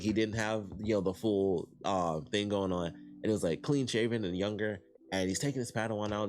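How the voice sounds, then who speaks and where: A man casually reviewing an animated series, retelling scenes in a rambling way and quoting lines in his own voice. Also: on the low side.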